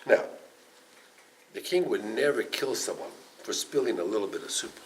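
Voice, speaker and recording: A man's voice: lowish voice, fairly quick, a little hiss or hum, low-quality recording. An older man, a rabbi, teaching a Torah class, telling stories and acting out the voices in them, with Hebrew and Yiddish terms mixed in. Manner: animated storytelling, acts out quoted voices.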